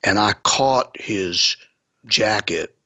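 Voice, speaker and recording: A man's voice: fairly low pitch, extremely slow, gravelly, sharp tone, no echo. A man, a pastor, vividly retelling a story on a podcast.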